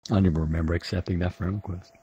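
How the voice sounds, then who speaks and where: A man's voice: low-pitched, level tone, rapid-fire, mellow, breathy edge. A man streaming, chatting casually in laid-back, slangy banter. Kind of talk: casual chat.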